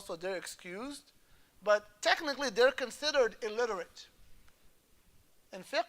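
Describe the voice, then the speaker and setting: A man's voice: high voice, fairly bright tone. A man teaching a class on Islamic law in a conversational lecture. He explains patiently, switches easily into Arabic terms and keeps asking whether the class is following. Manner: explains patiently, often checks the class understands; moves easily between English and Arabic terms.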